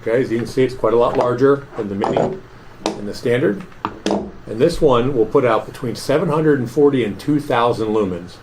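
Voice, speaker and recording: A man walks through a product demonstration in an office, explaining each setting in a plain, methodical way. His voice sits at an ordinary middle pitch. A faint background noise hangs under the recording. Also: a little mellow, rough recording.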